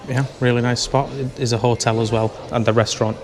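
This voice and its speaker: A man's voice: mid-range voice, level tone, brisk. A man vlogging casually on a handheld camera, reviewing pubs with dry jokes. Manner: dry, joking pub reviews. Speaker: travel vlogger. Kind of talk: casual vlog chat. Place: pubs and streets, in and out of doors.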